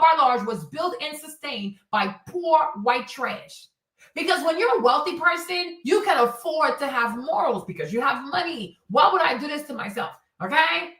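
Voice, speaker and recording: Woman streamer, high voice, blunt and profane, mocking asides, echoey room set back from the mic. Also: a bit bright, recorded from a distance. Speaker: streamer host. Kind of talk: opinionated livestream rant.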